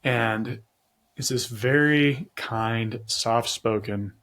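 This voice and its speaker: A man's voice: mid-range voice, very slow, a bit bright. Male host from Tennessee, casual interviewer, upbeat and affirming, tells anecdotes, mid-range voice. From Tennessee, USA. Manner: enthusiastic, affirming, storytelling. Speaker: podcast host.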